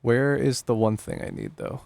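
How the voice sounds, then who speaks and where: A man's voice: mid-range voice, wildly swooping pitch, normal speed, vocal fry, a little mellow, no echo. A young man casually commenting on a horror game as he streams it live, joking and thinking aloud. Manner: chatty, jokey, thinking aloud.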